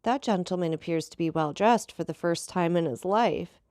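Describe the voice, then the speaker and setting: A man's voice: high-pitched, normal speed, a little mellow, no echo, studio quality. A woman voicing a haughty young male aristocrat with sniffy remarks. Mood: sneering.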